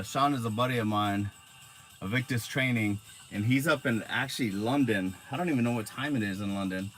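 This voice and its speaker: A man's voice: medium pitch, a bit bright. Arizona guy on a phone livestream, laid back rambling stories, swears a bunch. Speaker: live streamer. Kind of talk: casual live-stream storytelling.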